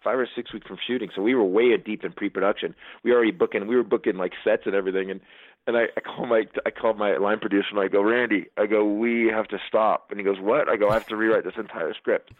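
A man, a comedian and filmmaker, telling stories in a casual chat, quick and animated with lots of restarts. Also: lowish voice, no echo. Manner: fast, animated storytelling with many restarts. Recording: dry, phone-like narrow sound.

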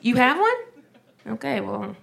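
A woman from Ohio doing stand-up comedy in a dry, deadpan style. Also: fairly high pitch, unhurried, vocal fry. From Ohio, USA. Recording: noisy live recording.

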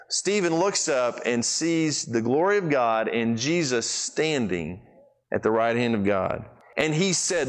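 A man preaching a sermon, retelling a scripture story with animated emphasis, swinging between excited high bursts and low, quiet asides. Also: normal speed, low-quality recording.

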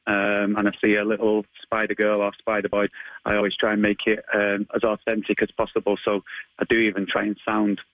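A man's voice: lowish voice, monotone, fairly quick, dry recording, narrow, tinny audio. A British man in his thirties, a guest chatting casually in an interview, laughing often and repeating words as he gets going. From United Kingdom. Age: 30s.

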